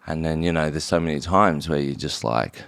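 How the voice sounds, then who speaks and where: Australian man, very low, gravelly, dry studio sound, sweary rambling founder. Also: fairly quick, fairly bright tone, no room sound. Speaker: company founder, podcast guest. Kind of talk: casual podcast conversation.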